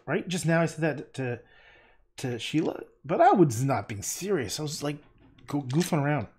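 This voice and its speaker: A man's voice: a little high, sing-song, normal speed, a little mellow, breathy edge. Rambling man muttering while painting. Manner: rambling, mutters to himself, playful nonsense words, swears casually. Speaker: painter streaming live. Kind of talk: casual livestream chatter while painting.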